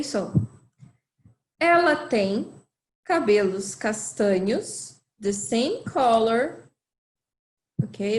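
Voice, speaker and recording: A woman gives an online language lesson at an unhurried, deliberate pace, repeating each point with patience. Her voice sits a little high. The recording has a roomy echo with faint noise underneath. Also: darkish tone. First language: Portuguese. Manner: slow, patient explaining with repetition. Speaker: language teacher. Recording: echoey room.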